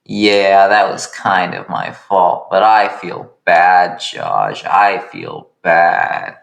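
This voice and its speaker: A man's voice: deep voice, lively intonation, drawn-out words, vocal fry, a bit bright, heavily acted. A man voicing an emotionally stiff creature friend, earnest and pleading, who keeps repeating his friend's name in an improvised comedic character voice.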